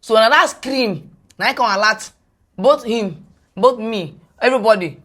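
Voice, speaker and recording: A Nigerian woman, a guest on a podcast, retelling a personal story in animated English mixed with Pidgin. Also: on the high side, normal speed.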